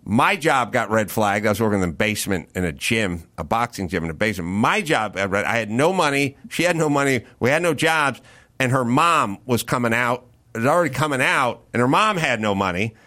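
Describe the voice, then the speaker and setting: Brash, bright-voiced man telling stories. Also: mid-range voice, brisk. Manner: profane, animated anecdote with acted-out quotes. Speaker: podcast host. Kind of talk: casual storytelling chat.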